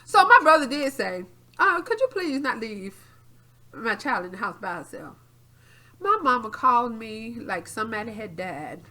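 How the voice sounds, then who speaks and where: A woman co-hosting a podcast, telling a story in casual chat and acting out quotes loudly, with frequent laughs and swearing. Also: a little high, normal speed. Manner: animated, acts out quotes loudly. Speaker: podcast co-host.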